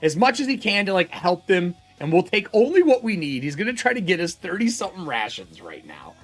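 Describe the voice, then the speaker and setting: A man's voice: high voice, sing-song, brisk, faint music behind. A man playing a tabletop game solo, narrating casually and thinking aloud as he counts supplies and swears freely.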